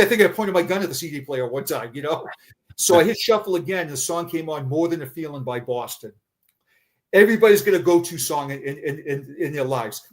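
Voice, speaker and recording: Halting middle-aged man telling his story. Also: a little high. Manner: halting, repeats words and restarts often. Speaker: retired police officer, podcast guest. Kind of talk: personal storytelling in conversation.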